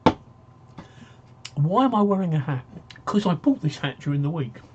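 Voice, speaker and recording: A man's voice: a little high, big pitch swings, moderate pace, lo-fi sound, background noise. A man hosting a casual live-stream talk show, rambling and joking as he reads out viewer comments.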